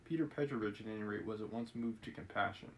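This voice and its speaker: A man's voice: lowish voice, completely flat delivery, quick pace, slight background noise, poor audio. A man reading a novel aloud on a live stream, chatting and laughing about it between passages.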